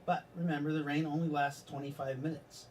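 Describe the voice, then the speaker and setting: A game master narrating a tabletop game, soft-spoken and hesitant. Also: mid-range voice, level tone, brisk. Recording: distant mic, faint hiss.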